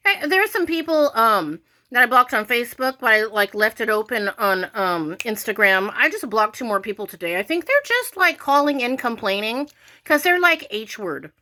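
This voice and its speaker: A woman's voice: fairly high pitch, lively intonation, moderate pace, sharp tone. An American woman ranting casually to her viewers, irritated and rambling, with lots of "like" fillers. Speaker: vlogger.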